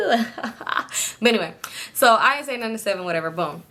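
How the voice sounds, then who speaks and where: A young woman telling a personal story in casual chat, animated, acting out what people said and laughing often. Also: moderate pace. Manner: animated, acts out quotes with pitch jumps, laughs often. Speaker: storytime vlogger.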